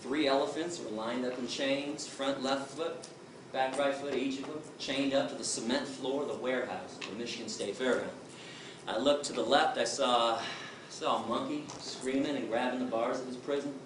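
A man giving a forceful, emphatic answer to an audience question as an activist lecturer, voicing quotes with a lot of emphasis. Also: mid-range voice, steady tone, normal speed. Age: 20s. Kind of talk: impassioned Q&A answer. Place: large lecture hall. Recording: very echoey hall from far off, noisy.

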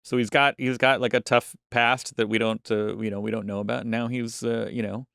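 A man's voice: medium pitch, flat delivery, brisk, gravelly, a bit bright, clear, resonant tone, no room sound, studio quality. A man co-hosting a podcast, chatting casually and rambling with many restarts. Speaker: podcast co-host. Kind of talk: casual chat.

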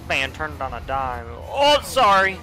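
A young man giving casual let's play commentary, with frequent profane, excitable outbursts. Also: on the high side, measured pace, over music, a crowd in the background. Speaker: gamer.

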